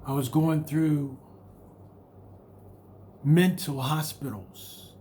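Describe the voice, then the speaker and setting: A man's voice: fairly high pitch, fairly even intonation, very slow, dark tone, slight background noise. A man delivering a motivational monologue, hammering home repeated rhetorical questions and speaking candidly about his own struggles. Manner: repetitive, emphatic rhetorical questions. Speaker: motivational video host.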